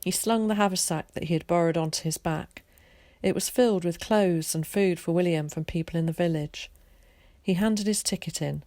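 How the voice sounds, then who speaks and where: A teacher reading a children's story aloud in a calm, steady way. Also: female voice, lowish voice, normal speed, no room sound.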